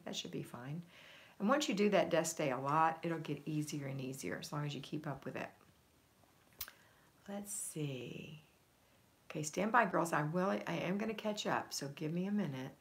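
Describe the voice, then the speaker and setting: A middle-aged woman with a low-pitched voice hosts a homemaking livestream. She reads viewer comments aloud and responds to each with encouragement.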